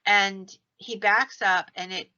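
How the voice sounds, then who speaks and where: A woman hosts a podcast, retelling ghost stories in a casual, animated way. Her voice is bright and clear-toned. The recording sounds a little dull and lo-fi. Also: mid-range voice, takes it slowly. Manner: animated retelling, acts out quoted lines in her own voice. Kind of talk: casual storytelling. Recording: slightly dull lo-fi podcast audio.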